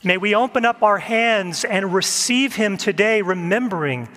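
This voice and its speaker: A man preaching a sermon as a pastor, gentle and measured, reflecting on letting go. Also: high-pitched, long reverb tail. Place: church.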